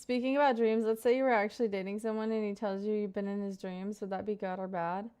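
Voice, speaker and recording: A woman's voice: medium pitch, little pitch movement, quick pace, mellow, clean tone. A young woman in her twenties chatting casually on a live stream, greeting viewers by name and rambling through stories.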